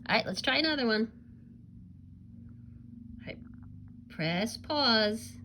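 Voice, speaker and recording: A woman's voice: a little high, lively intonation, slow pace, pushed and bright, slight background noise. A woman teaching a recorded reading lesson to young children, upbeat and encouraging with a sing-song teacher voice. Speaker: kindergarten teacher.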